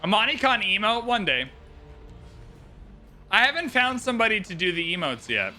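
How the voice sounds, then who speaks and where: A man with a very bright, high voice casually jokes through commentary on a strategy game during a livestream, talking at normal speed. Faint game music sits beneath his easygoing, playful asides.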